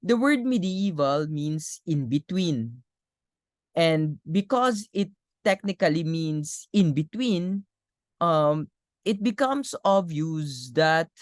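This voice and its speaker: A woman with a Filipino accent giving a recorded philosophy lecture, measured and reading quotations aloud with occasional fillers. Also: fairly low pitch, dry recording, clean studio sound.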